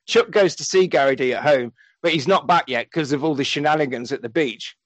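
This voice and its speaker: A man with a notably high voice tells a film's plot in a lively, jokey way, swearing freely as he goes. His casual comedic recap is delivered close to the mic, dry and without room sound. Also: brisk, no echo, rough recording. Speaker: podcast host recapping a film.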